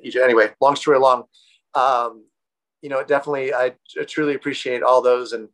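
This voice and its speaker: Give me a man talking haltingly as a podcast guest, lots of fillers. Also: medium pitch, fairly even intonation, low-quality recording. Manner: rambling, halting with many fillers. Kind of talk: casual interview talk.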